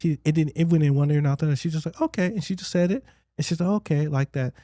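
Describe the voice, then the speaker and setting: A man as a podcast guest, telling stories in a rambling way with lots of restarts and lively acted-out quotes. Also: a little high, racing, no room sound, studio quality. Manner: rambling storyteller, many fillers and restarts, animated quotes. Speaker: guest, business owner. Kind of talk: casual interview chat.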